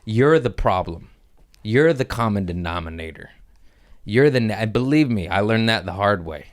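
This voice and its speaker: Lower-voiced male podcast host, loud, profane, rambling, laughs at his own bits. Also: animated, normal speed. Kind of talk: casual profane podcast rant. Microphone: studio podcast mic.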